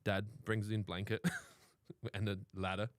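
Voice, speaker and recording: A man's voice: on the low side, little pitch movement, measured pace, no echo. An Australian man co-hosting a live lawn-care show, chatting casually with crude humour and frequent laughter. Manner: laughs through his stories, crude banter. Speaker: podcast co-host.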